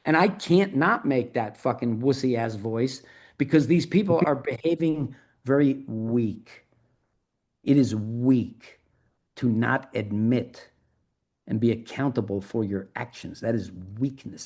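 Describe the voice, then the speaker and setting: A man's voice: mid-range voice, measured pace, darkish tone. A middle-aged man as an interview guest, talking in a fired-up, emphatic and profane way. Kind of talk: podcast interview.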